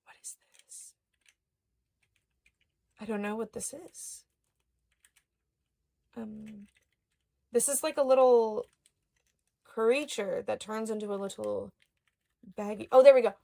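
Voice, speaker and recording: A young adult woman chatting casually as she unboxes dolls and toys, excitable, with gasps and soft murmured asides. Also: a little high, slow pace, creaky, long pauses. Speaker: doll collector YouTuber.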